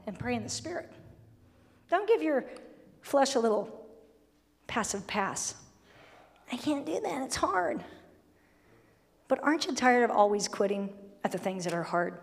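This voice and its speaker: A woman with a high voice preaches to her congregation in a blunt, emphatic way with flashes of humor. Her words ring out with a long reverb from the church hall around her. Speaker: pastor. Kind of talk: sermon. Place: church sanctuary.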